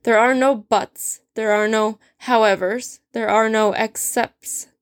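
A woman's voice: on the high side, fairly even intonation, slow pace, no room sound, clean studio sound. A woman reading a story aloud, voicing a stern, sardonic male potions professor who speaks in a cold, clipped and cutting way. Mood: cold, scornful.

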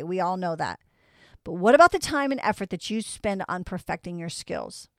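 A woman's voice: mid-range voice, no echo, studio quality. A woman preaching a sermon in an earnest way, asking her listeners one rhetorical question after another.

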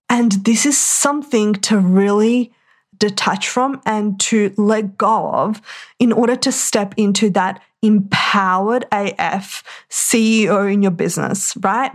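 A woman talking in a casual, chatty way to her audience as a business coach, emphatic and full of "like". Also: medium pitch. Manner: chatty, heavy use of "like", emphatic. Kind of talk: casual motivational monologue.

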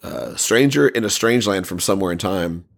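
A man's voice: deep voice, animated, moderate pace, gravelly. A man hosting a casual podcast chat, running a song vote, who rambles with many fillers and restarts.

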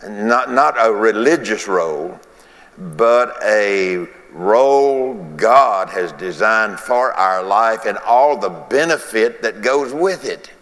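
A man preaches in a drawn-out, unhurried drawl, his voice sitting fairly low. He is folksy and repeats his lines for emphasis. The sound rings with long reverb, as in a large church. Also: lively intonation, fairly bright tone. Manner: folksy, repeats phrases, laughs between points. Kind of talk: sermon.

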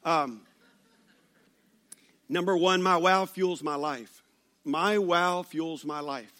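A man's voice: on the high side, slow pace. A man preaching a sermon, telling stories with playful asides. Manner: animated storytelling with playful asides. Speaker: pastor.

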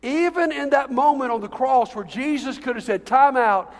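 A man preaching a sermon in a church, conversational, with slow emphatic phrases. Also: extremely high pitch, big-room sound. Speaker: pastor.

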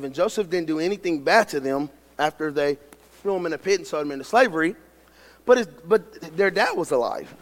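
A man preaching a sermon, reading scripture and building to shouted, emphatic preaching. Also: on the high side. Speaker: pastor. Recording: long hall reverb.

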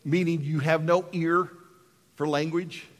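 A middle-aged man from Western Colorado preaching a sermon, dropping to hushed tones and rising to shouts. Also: fairly high pitch, fairly even intonation, a little slow, big-room sound. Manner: dramatic, swings from hushed to shouting. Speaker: pastor.

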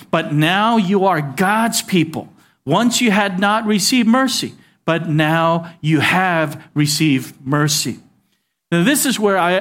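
A male pastor with a high, fairly bright voice preaches a sermon conversationally. He throws in asides and trades call-and-response with the congregation.

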